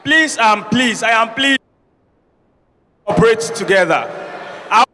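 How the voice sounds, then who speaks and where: A man moderates a student debate, projecting a high, sharp voice over the room. He pleads formally and insistently, repeating his requests. His voice rings with long reverb, with faint noise behind. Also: lively intonation, a little slow. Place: large hall with a noisy student audience. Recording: reverberant hall with background noise.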